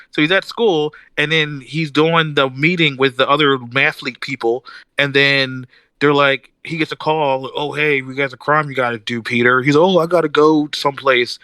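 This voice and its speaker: Man, podcast co-host, animated ranter; bright, tense, slightly high voice, dry close mic. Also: moderate pace, smooth, dry recording. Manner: animated ranting, mimics characters mid-story. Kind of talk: casual chat.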